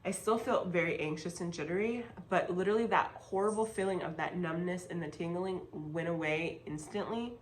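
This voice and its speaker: A woman's voice: lowish voice, fairly quick, few pauses, slight background noise, poor audio. A young woman vlogger telling a personal story in a casual, chatty way, with lots of fillers and emphatic asides.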